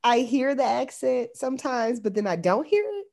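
Lively, high-voiced woman in casual chat. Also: moderate pace, creaky. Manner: chatty, lots of "like" and "yep" fillers. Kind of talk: casual chat recapping a film.

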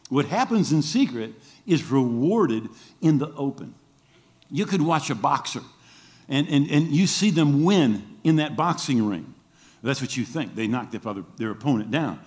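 A middle-aged pastor tells a story during his sermon with animated energy. He acts out the voices he quotes, jumping sharply up and down in pitch.

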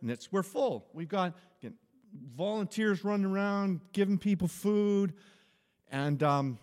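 This high-voiced pastor is animated yet unhurried, with a darkish tone, as he preaches an informal, story-driven sermon. He chuckles and restarts phrases often, and the hall adds long reverb.

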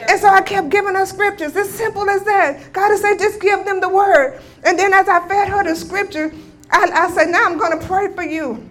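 High-voiced woman preaching a testimony. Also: fairly even intonation, normal speed, fairly bright tone, some chatter behind. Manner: storytelling with emphatic declarations and laughs. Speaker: guest speaker. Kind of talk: sermon testimony.

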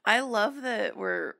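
A woman co-hosting a comedy podcast, laughing easily, wry and unhurried. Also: a little high, creaky, a bit bright. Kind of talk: casual comedic podcast banter.

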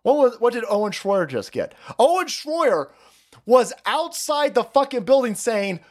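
A man's voice: extremely high pitch, very animated, unhurried. A man hosting a livestream, ranting crudely about politics, stammering, restarting and laughing at his own jokes. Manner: foul-mouthed, rambling, mocking, laughs at own jokes; reads out and thanks chat viewers. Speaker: livestream host. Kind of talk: profane political rant on a livestream.

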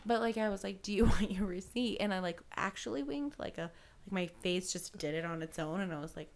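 A woman's voice: lowish voice, a little fast. A woman in her thirties co-hosting a casual chat, rambling and self-deprecating, laughing often. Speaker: podcast co-host.

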